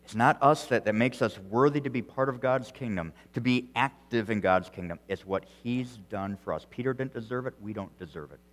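A man's voice: medium pitch, brisk, few pauses. Man preaching in a reverberant hall. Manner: earnest preaching with frequent restarts and strong swings in loudness. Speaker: pastor. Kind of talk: sermon.

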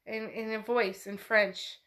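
Slow, chatty woman recapping a novel. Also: mid-range voice, fairly even intonation, a bit bright. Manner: chatty, laughing, uses "like" a lot. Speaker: book club host. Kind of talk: casual book recap.

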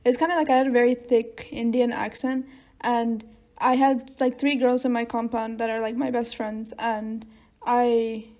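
High-pitched woman, american accent, grew up in nigeria, stop-start podcast chatter with lots of laughs. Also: level tone, warm tone. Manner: chatty, halting, quick to laugh. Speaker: podcast co-host. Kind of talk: casual chat.

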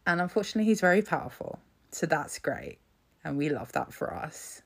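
A woman's voice: low-pitched, animated, brisk, breathy edge. A young woman hosting a solo podcast, chatty and sweary, rambling with frequent restarts. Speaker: podcast host.

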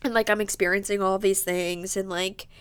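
A woman in her early twenties hosts a podcast, giving a heartfelt, emotional monologue full of fillers while sniffling and nearly crying. Her medium-pitched voice is smooth and flat in delivery, at a normal speed.

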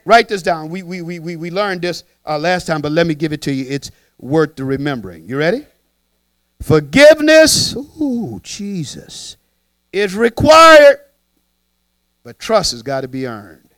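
A man's voice: fairly high pitch, brisk, no room sound. A man, a pastor, preaching a conversational sermon and acting out little scenes in other voices. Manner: animated, conversational, acts out voices.

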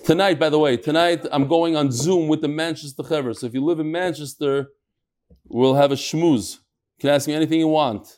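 A man leads a live Talmud class, his voice pitched a little high for a man. He talks in a chatty way, makes asides and jokes to the people in the room, and drops Hebrew and Yiddish terms into his English. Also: brisk, darkish tone.

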